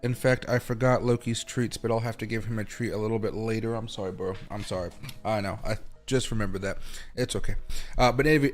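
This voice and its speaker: A man hosting a casual livestream, chatting loosely, greeting viewers by name and talking to his dog between remarks. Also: mid-range voice. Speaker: livestream host.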